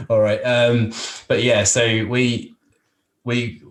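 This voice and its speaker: An English man, a podcast guest, telling a long travel anecdote in a casual, animated, rambling way with frequent laughs. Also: mid-range voice, very slow. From England.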